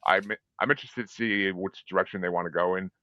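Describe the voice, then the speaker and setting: A man hosting a podcast in casual chat, telling stories in a profane, animated way and acting out his own reactions. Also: low-pitched, fast, dry recording. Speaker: podcast host. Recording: dull, dry lo-fi sound.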